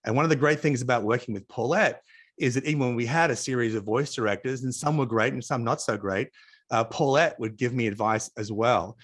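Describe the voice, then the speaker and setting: Middle-aged Australian man, interview guest, animated anecdotal delivery over a video call. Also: mid-range voice, a little fast, breathy edge. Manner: animated, chatty anecdotes with asides. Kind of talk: casual storytelling interview.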